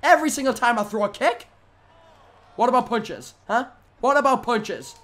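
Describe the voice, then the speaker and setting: A young man giving excitable let's-play commentary while fighting in a game, muttering under his breath one moment and yelling at the screen the next. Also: extremely high pitch, moderate pace. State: voice going hoarse from shouting. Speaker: gaming commentator.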